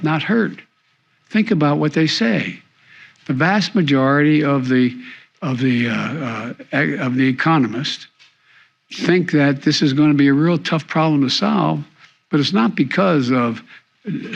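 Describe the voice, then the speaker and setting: A man politician answering press questions, halting and stumbling before pressing his points emphatically. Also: fairly high pitch, creaky. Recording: dull lo-fi sound.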